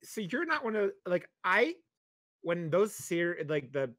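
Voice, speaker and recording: A man's voice: high-pitched, very animated, a little slow, a bit bright, dry recording. A young married man co-hosting a podcast, chatting casually with exasperated jokes. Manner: exasperated, joking complaints. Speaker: podcast co-host. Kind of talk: casual chat.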